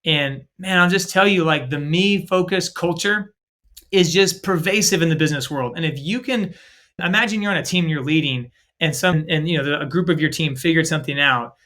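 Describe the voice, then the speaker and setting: A man co-hosting a faith-based podcast, talking in a casual, upbeat, energetic way. His voice sits a bit high and rings bright and forceful. He leans on fillers and acts out little dialogues as he goes. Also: brisk. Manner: lots of filler 'like' and 'right?'. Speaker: podcast co-host.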